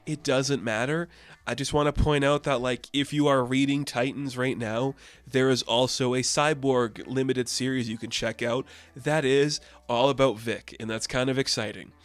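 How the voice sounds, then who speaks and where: A man's voice: mid-range voice, steady tone, normal speed, no echo. A man casually reviewing a comic book issue with enthusiastic, chatty recaps.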